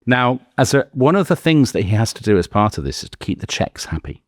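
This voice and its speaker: A man co-hosting a history podcast, telling the story in a lively, conversational way. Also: mid-range voice, fairly quick, no room sound, clean studio sound. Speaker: podcast co-host.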